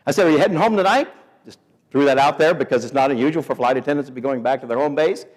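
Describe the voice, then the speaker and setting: A man preaching at a school gathering, telling a comic story in a playful, animated way and acting out the people in it. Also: medium pitch, racing. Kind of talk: sermon told as a comic story. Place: school chapel or auditorium. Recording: echoey hall.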